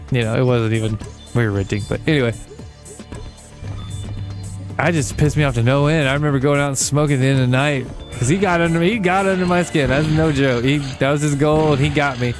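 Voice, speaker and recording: A young man hosting a gaming channel, telling long rambling stories and swearing casually while he plays, with quick jumps in pitch when he imitates people. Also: soft background music. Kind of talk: casual let's-play chat while gaming.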